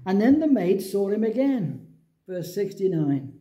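Animated high-voiced preacher with a mellow tone. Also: male voice, measured pace, dull audio. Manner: animated storytelling, acting out Bible dialogue. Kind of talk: sermon.

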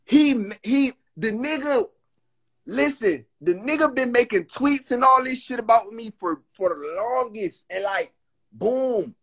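A young man on a livestream phone call, telling a heated story. He is agitated and profane and keeps stumbling into restarts. His voice sits high and sounds husky. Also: expressive, unhurried, a bit bright. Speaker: guest on a livestream. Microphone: phone on a live video call.

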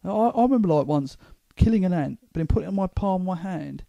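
A man's voice: sits high, expressive, fast talker, vocal fry, mellow, no echo, muffled recording. A young man with a London accent, co-hosting a comedy podcast, telling stories in a rambling way full of restarts. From England. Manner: rambling storyteller, stumbles and restarts. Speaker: podcast co-host. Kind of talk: casual comedy chat.

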